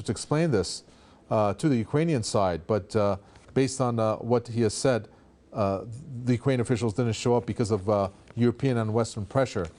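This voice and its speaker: Low-voiced male interviewer, halting. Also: a little mellow. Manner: hesitant, with many fillers. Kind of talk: news interview.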